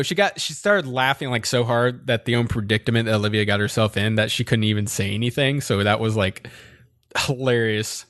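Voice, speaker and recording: A man's voice: mid-range voice, fairly bright tone. A man co-hosting a podcast, recapping an anime episode in casual chat, rambling with many fillers and frequent laughs. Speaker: podcast co-host.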